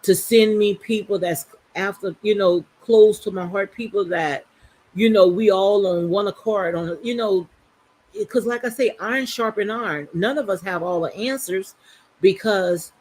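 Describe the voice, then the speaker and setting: A woman's voice: medium pitch, unhurried, a little mellow, a little hiss or hum. A woman from the New Orleans area with a Southern Louisiana accent, hosting a casual livestream chat and calling her guest "girl" a lot. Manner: chatty, many "girl" and "you know" fillers. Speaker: livestream host.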